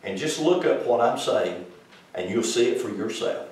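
A man's voice: medium pitch, expressive, normal speed, a little mellow. Preacher man, very echoey and distant. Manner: emphatic, questions the congregation directly. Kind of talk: Bible-teaching sermon. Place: congregation room. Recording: very echoey room from far off.

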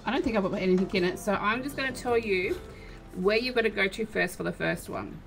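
A woman's voice: mid-range voice, fast, vocal fry, soft background music. An Australian woman explaining the rules of a game event in casual chat, teasing and laughing often.

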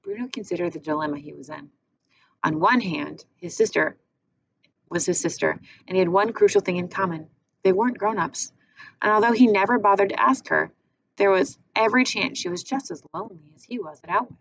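A woman narrating an audiobook in a measured, expressive reading. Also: mid-range voice, creaky. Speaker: audiobook reader. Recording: muffled with faint hiss.

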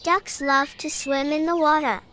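Woman, high voice, unhurried, scripted children's narration, encouraging, invites kids to join in. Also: fairly even intonation. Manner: bright, encouraging, asks the listener to join in.

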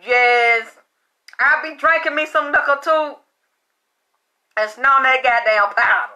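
A high-pitched woman gives a loose, chatty tarot reading, swearing freely and laughing as she goes. Her voice is bright and sharp. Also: slow, pauses often. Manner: chatty, profane, breaks into laughter. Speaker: tarot card reader. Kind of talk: casual spiritual reading monologue.

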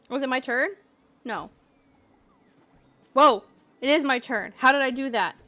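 A woman's voice: high-pitched, measured pace, long pauses, bright, forceful tone. A woman hosting a gaming channel, chatting casually and playfully over gameplay with lots of giddy exclamations.

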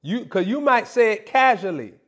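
A man's voice: high voice, lively intonation, normal speed, a bit bright. A man preaching a sermon in a comedic, playful way, teasing and mock-scolding his listeners.

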